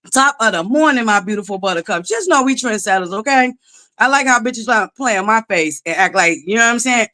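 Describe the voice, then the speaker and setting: A woman hosting a casual live stream, greeting her viewers in a sing-song way and talking sassy with plenty of swearing. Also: sits high. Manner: sassy, animated, calls out rivals with profanity. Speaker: livestream host.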